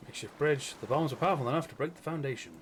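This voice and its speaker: A man's voice: on the high side, racing, slight background noise. A man streaming a game live, chatting casually and reading its text aloud. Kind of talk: casual live gameplay commentary.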